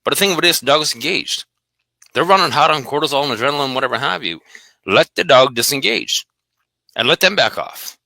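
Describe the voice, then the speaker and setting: Fast gravelly man, blunt and emphatic. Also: mid-range voice, animated, bright, forceful tone, no echo. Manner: blunt, emphatic, swears casually. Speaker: dog behaviour guest. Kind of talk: casual conversation.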